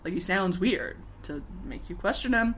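Brief: young woman podcaster, chatty, rambling, mid-pitched, giggles through the recap. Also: animated, normal speed, a bit bright, a little hiss or hum. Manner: rambling, lots of fillers and laughs, acts out characters. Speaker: podcast co-host. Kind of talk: casual chat recapping a TV episode.

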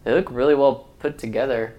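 A man's voice: medium pitch, steady tone, fairly quick, warm tone, muffled recording. Easygoing young male podcast co-host. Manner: easygoing, encouraging interviewer. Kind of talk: casual chat.

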